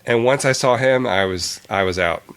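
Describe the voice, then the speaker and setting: A man's voice: medium pitch, normal speed, fairly bright tone, clear, resonant tone. A man co-hosting a casual podcast chat, easygoing and frank with his opinions. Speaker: podcast co-host.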